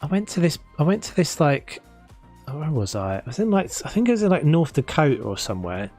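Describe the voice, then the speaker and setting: A man's voice: on the high side, very animated, a little fast, a little mellow. A man chatting casually while he plays a building game, rambling with many restarts. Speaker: gaming streamer. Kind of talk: casual chat while playing. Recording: faint music behind.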